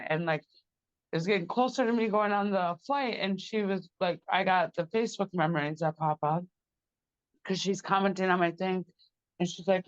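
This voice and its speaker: A woman's voice: on the low side, normal speed, no room sound, lo-fi sound. Woman telling a raw family story. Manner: rambling, repeats "like" and "blah, blah, blah". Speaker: interviewee, victim's sister. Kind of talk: emotional personal account.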